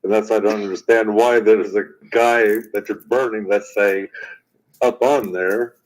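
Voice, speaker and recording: A man's voice: on the low side, steady tone, unhurried, a little mellow, low-quality recording. A man chatting casually over a headset, joking drily with some hesitation. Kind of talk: casual chat.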